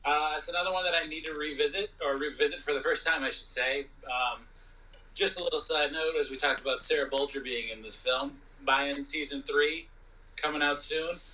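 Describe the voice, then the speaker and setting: A man's voice: on the high side, steady tone, fairly quick, pushed and bright, recorded from a distance, poor audio. A man co-hosting a podcast, chatting casually about movies, rambling and dropping "you know" often. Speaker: podcast co-host. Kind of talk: casual movie review chat.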